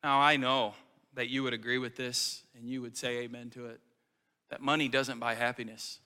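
A man's voice: mid-range voice, flat delivery, moderate pace, bright, forceful tone, clean tone, in a large hall. A man preaching a sermon to a congregation in a casual, conversational way, asking many questions. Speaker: pastor.

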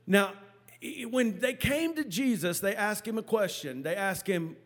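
A male preacher delivering a sermon in a fairly high voice, spinning a personal story with lively energy. He stumbles and repeats words as he goes, then surges forward again. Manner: animated storytelling with halting repetitions. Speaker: pastor.

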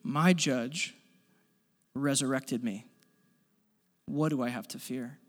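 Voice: medium pitch, slow. A pastor preaching a sermon in a church sanctuary, emphatic, repeating key lines for stress and leading the congregation in spoken declarations. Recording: long hall reverb.

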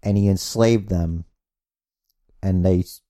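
A man's voice: low voice, fairly even intonation, takes it slowly, mellow. A man co-hosting a podcast in casual, rambling chat, swearing freely and acting out scenes as he tells them. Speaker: podcast co-host.

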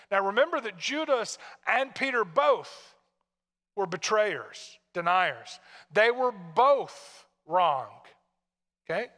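A pastor from Tennessee preaching a sermon in a conversational way, full of rhetorical questions to the congregation. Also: male voice, high-pitched, pushed and bright, in a large hall.

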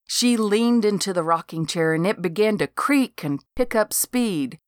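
A woman's voice: medium pitch, animated, unhurried, no room sound, studio quality. A woman narrating a folksy first-person story in a wry storytelling manner, scripted audiobook reading.

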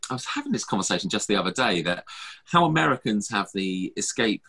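Man, low voice, husky, rambling casual podcast chat, fillers and swearing. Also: very animated, fast, sharp tone. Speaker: podcast host.

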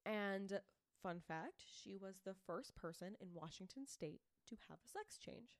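A young woman recounts a true-crime case on a podcast she co-hosts, telling it in an easygoing, chatty way with lots of "like"s. Her mid-range voice is expressive and measured, captured in studio quality with no room sound.

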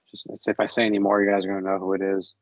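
A man's voice: sits low, monotone, fast talker, dull audio, slight background noise. A young man co-hosting a podcast in casual chat, rambling and laughing, often sliding into mock voices. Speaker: podcast co-host.

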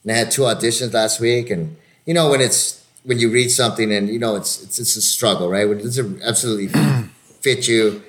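A man's voice: mid-range voice, a little fast. A man in his fifties, an actor hosting a casual chat, telling stories with lots of swearing and filler words. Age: 50s. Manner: animated storytelling, heavy swearing and filler words. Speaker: actor and podcast host.

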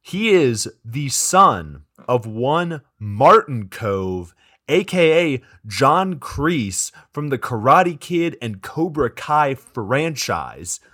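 A man's voice: medium pitch, big pitch swings, extremely slow, a bit bright. A man co-hosting a podcast, recapping a movie plot in casual banter, amused and incredulous. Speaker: podcast co-host.

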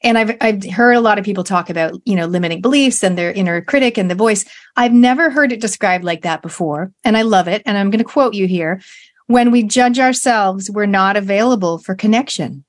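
Talking fast with hardly any pauses, this podcast host has a medium-pitched voice. She keeps her interview casual and chatty, enthusiastically affirming her guest.

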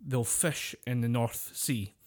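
Slow and medium-pitched, a male co-host spins a yarn on a casual podcast. The chat is loose, full of cursing and laughs.

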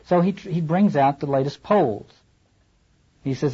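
A man's voice: a little high, measured pace, pauses often, warm tone, breathy edge, lo-fi sound. A man lecturing on literature, reading passages aloud and adding wry asides.

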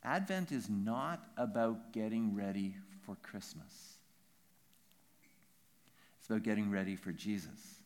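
A pastor with a lowish voice delivers an emphatic, animated sermon. He keeps checking in with the congregation through quick "right?" asides.

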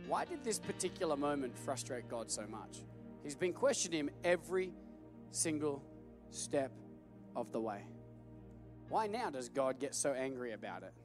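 Animated preacher with a high voice. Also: male voice. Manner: animated, jokey, calls for amens. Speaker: pastor. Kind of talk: sermon.

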